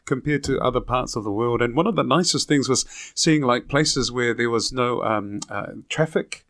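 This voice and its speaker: Kiwi guy chatting as a guest, jokey and self-mocking, laughs a lot, average pitch. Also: moderate pace, fairly bright tone, no room sound, clean studio sound. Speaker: interview guest. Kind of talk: casual interview chat.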